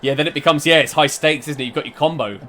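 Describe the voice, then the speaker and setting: A man's voice: on the high side, quick pace, sharp tone. A young man hosting a game stream, joking and laughing often in casual chat. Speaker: streamer host. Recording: game music and gunfire behind.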